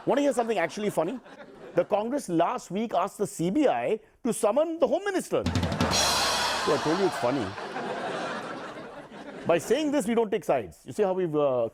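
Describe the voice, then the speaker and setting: A fairly high voice from a man, hosting a comic news show on a TV studio set. His pitch leaps about, and he drops wry, deadpan asides between the headlines. A clear hiss and some clicks sit under the voice. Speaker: satirical news anchor.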